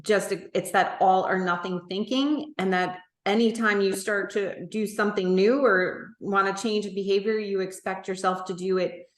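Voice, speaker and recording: A woman's voice: medium pitch, fairly even intonation, moderate pace, hardly any pauses. A woman hosting a podcast responds with emphatic encouragement in a middle register. Her voice carries a noticeable room echo, so it sounds a little distant from the mic. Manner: warm, affirming, emphatic. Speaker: podcast host. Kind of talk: conversational interview.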